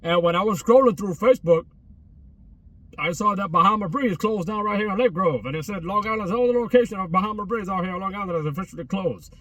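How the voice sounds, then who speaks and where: A man talks in a loose, repetitive vlog style, full of slang and false starts. His voice is bright and husky. It sits a little back from the mic, with no echo around it. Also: high-pitched, fast, distant mic. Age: 30s. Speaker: travel vlogger. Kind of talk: rambling casual chat. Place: outdoors by a closed restaurant at a mall.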